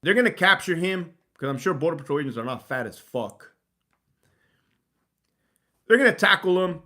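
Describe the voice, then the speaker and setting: A man's voice: fairly high pitch, sing-song, moderate pace, bright, forceful tone. Profane, laughing male livestreamer. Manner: profane, laughing, reading chat aloud. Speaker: livestream host. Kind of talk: casual livestream chat.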